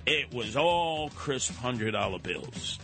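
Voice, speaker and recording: An older man with a New York accent hosts a radio talk show, telling stories animatedly and slipping into other voices. His mid-range voice takes it slowly, with faint music behind him.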